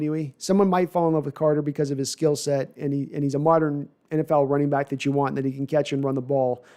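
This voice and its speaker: Chatty male livestream host, mellow voice. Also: a little high, clear, resonant tone. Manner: chatty, reads viewer comments aloud and answers them; animated, with quick asides and self-corrections. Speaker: livestream host answering viewer chat. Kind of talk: casual live chat about football.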